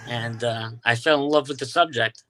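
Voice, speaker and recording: Bright-voiced New York man. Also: medium pitch, moderate pace. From Staten Island, New York. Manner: storytelling, many fillers and restarts. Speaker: guest, UFO sky watcher. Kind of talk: casual interview chat.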